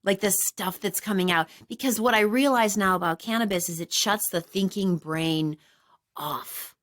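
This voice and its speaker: A woman in her forties hosting a casual chat, telling a funny story and jumping up high when she acts out what people said. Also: normal speed. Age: 40s. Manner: animated, acts out quoted voices in high bursts. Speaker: podcast host.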